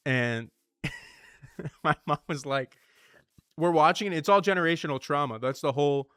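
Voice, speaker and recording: A man streaming a survival game, chatting casually in an animated, rambling, slangy way. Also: a little high, a little slow, clear, resonant tone, dry recording, clean studio sound. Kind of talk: casual gaming commentary.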